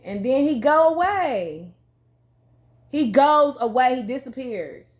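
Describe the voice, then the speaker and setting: Animated woman retelling a dream. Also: slow. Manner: animated, acts out quoted dialogue with big pitch jumps; heavy filler "like", loose slangy phrasing. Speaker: vlogger. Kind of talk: casual storytelling to camera.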